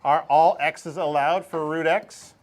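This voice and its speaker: A man's voice: on the high side, steady tone, a little slow. A man teaching a math lesson to a classroom, explaining casually and joking with students. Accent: Canadian.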